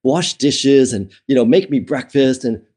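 A man's voice: mid-range voice, measured pace, warm tone, breathy edge. A man recounting a personal story in a conversational interview, chatty and candid, with fillers, restarts and frequent laughs. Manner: laughs often while telling. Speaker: interview guest.

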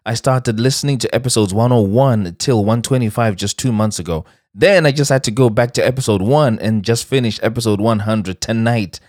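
A man's voice: fairly low pitch, a little mellow, no room sound, studio quality. A man hosting a podcast, thanking supporters in an enthusiastic, casual way. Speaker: podcast host. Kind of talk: casual podcast host read.

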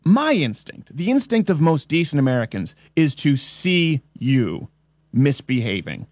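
A man's voice: on the high side, very animated, measured pace, darkish tone, no room sound. A man hosting a comedic political talk show, ranting in a sarcastic, mock-incredulous way and rambling as he goes. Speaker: podcast host.

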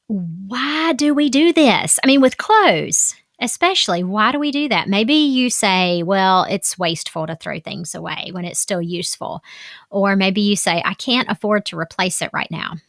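A woman's voice: medium pitch, expressive, normal speed, fairly bright tone, no room sound, clean studio sound. A middle-aged woman hosting a podcast, talking in a candid, chatty way with asides and fillers. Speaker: podcast host. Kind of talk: casual solo podcast talk.

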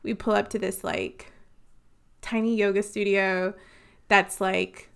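A woman's voice: mid-range voice, level tone, slow pace, gravelly, clean tone. A woman co-hosting a book podcast, telling stories in a chatty way, full of "like". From Louisiana. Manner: chatty storyteller, many "like"s. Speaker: podcast co-host. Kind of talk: casual book podcast chat.

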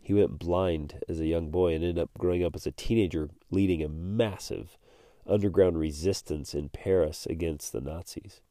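A man's voice: low-pitched, steady tone, moderate pace, warm tone, dry recording, studio quality. A man hosting a motivational podcast, speaking earnestly and animatedly, repeating words as he gets fired up. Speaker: podcast host.

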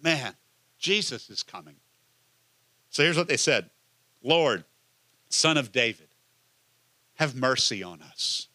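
A man's voice: mid-range voice, expressive, takes it slowly, long pauses, bright, forceful tone, no echo. A man, a pastor, preaching a conversational sermon and asking the listeners many questions.

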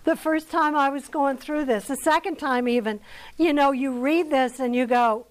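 A woman's voice: high voice, normal speed, rough recording. An American woman teaching a Bible lesson at church in a conversational way, asking her listeners questions as she goes. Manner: conversational, asks the audience questions. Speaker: women's Bible study teacher.

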